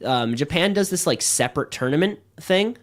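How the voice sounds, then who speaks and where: A man co-hosting a podcast in a studio, chatting casually in an excitable, rambling way, with lots of fillers and swearing. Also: on the high side, moderate pace. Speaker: podcast co-host.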